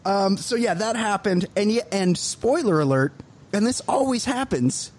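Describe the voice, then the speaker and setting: A man co-hosting a comedy podcast, telling stories in an animated, profane way and laughing as he goes. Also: high voice, moderate pace. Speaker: podcast co-host. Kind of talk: casual comedic chat.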